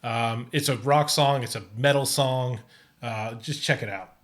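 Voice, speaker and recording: A man's voice: medium pitch, fairly even intonation, a bit bright. Hesitant man talking through a test. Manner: halting, many restarts and fillers. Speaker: host testing an AI music tool. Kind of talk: casual screen-recorded commentary.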